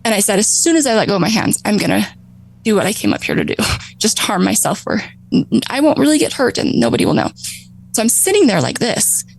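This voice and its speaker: A woman in her thirties telling her own recovery story on a talk show, animated, laughing often and acting out her past thoughts. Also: mid-range voice, quick pace, creaky, husky, rough recording. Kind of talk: emotional personal storytelling.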